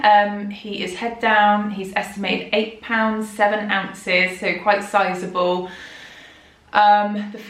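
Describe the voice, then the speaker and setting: A woman chats candidly, rambling a little as she works through her anxieties. She is heavily pregnant, and her voice sits at an ordinary middle pitch. The room around her is echoey and bare-sounding. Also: fairly bright tone. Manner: candid, rambling, talks anxiously through worries. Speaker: vlogger. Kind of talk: chatty personal storytelling. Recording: roomy echo.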